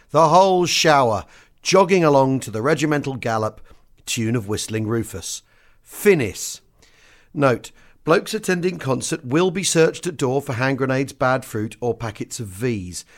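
Man, podcast host, reading a book aloud, lively delivery, medium pitch. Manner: lively reading that jumps in pitch and loudness for quoted lines.

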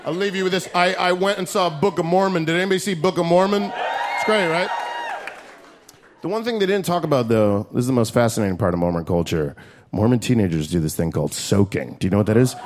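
A man doing a stand-up set in a comedy club, loud and profane, riffing fast and shouting his punchlines. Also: a little high. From United States. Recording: live club recording with crowd noise. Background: audience laughter and club noise.

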